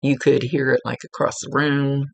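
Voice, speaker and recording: A woman's voice: rumbling low, flat delivery, moderate pace, vocal fry, breathy edge, dry recording. A woman working as a psychic medium, giving an informal, rambling one-on-one reading from her chair at home. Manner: informal, rambling, with many fillers and restarts. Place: at home, seated.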